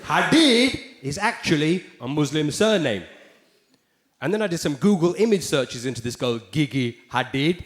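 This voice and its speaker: A man works a theater crowd, sardonic and chatty, with rhetorical asides. His fairly high voice swings lively through each line. The live room adds a roomy echo over steady ambient noise. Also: moderate pace. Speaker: stand-up comedian. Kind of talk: live stand-up routine. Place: theater stage.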